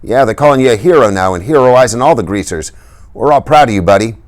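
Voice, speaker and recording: A man's voice: on the low side, lively intonation, brisk, pitched above the performer's own voice, natural voice. A man voicing a reckless, tough teenage greaser boy who talks in urgent, commanding street slang. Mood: forced cheer.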